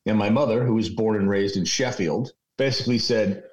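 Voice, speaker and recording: A man's voice: lowish voice, fairly quick, a little mellow, muffled recording. A man in his sixties telling rambling, profane anecdotes as a radio guest over a video call. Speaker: radio program director guest. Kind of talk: storytelling interview.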